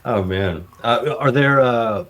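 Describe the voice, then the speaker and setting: A man hosting a casual podcast conversation, talking haltingly with frequent "uh" and "you know.". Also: medium pitch, fairly bright tone. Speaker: podcast host.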